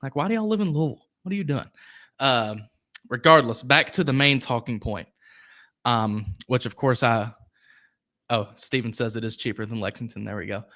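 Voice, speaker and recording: This young man's mid-range voice has a sharp tone and a moderate pace. He's hosting a sports podcast, chatting casually in live-stream commentary, veering off on tangents and reading viewers' comments out loud.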